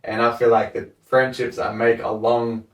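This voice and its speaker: A man's voice: medium pitch, level tone, normal speed. Slangy young male podcast host. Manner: easygoing, slangy, says "bro" a lot. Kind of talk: casual interview chat. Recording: echoey room, mic at a distance.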